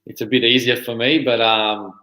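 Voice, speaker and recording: A man in his thirties, a guest on a podcast, talking in a relaxed, rambling way. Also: medium pitch, moderate pace, roomy sound, poor audio. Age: 30s. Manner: relaxed, lots of "you know" fillers. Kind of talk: casual interview.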